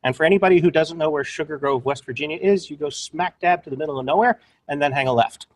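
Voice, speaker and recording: A man's voice: a little high, quick pace. A man presenting a webinar in a playful, upbeat, joking way.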